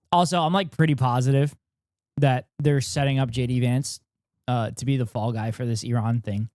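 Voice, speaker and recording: Casting note: rambling, self-deprecating male streamer, crisp and dry close-mic sound. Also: medium pitch, a little slow, pauses often, a little mellow, no echo. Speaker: streamer reacting with chat. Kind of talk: casual live-stream chat.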